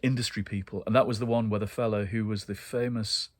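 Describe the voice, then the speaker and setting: A man's voice: fairly low pitch, fairly even intonation, fast. A man from northeast England, hosting a show and telling wry, chatty stories about book events. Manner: chatty, wry, frequent laughs and ums. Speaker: host. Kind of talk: casual anecdotal monologue.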